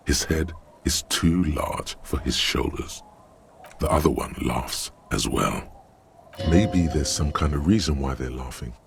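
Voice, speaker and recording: An actor voicing a sardonic male inner voice that narrates a game in a dry, mocking way, with a gravelly tone. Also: very deep voice, slight background noise, heavily acted.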